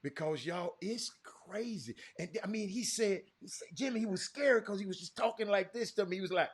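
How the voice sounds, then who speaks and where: A man hosting a casual sports talk show, animated and calling his listeners y'all. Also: high voice, a little fast, hardly any pauses, slightly rough.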